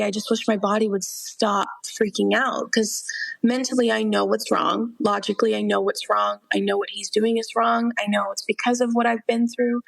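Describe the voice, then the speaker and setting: Creaky-voiced young woman telling her testimony. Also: on the high side, no echo. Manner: earnest storytelling, quoting herself, laughing through hard memories. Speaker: podcast guest. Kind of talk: personal faith testimony.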